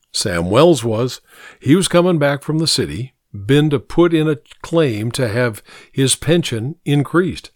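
A man reads a story aloud in a measured, expressive way. His pitch rises and falls a lot while his pace stays slow. The sound is dry and close. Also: no echo. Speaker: narrator. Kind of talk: story reading.

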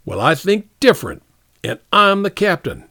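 A man voicing a bullying, loud army captain who sneers and bellows at his troops. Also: high-pitched, very animated, moderate pace, vocal fry, no room sound, clean studio sound, pitched above the performer's own voice, heavily acted. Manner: bellowing, sneering, uneducated grammar.

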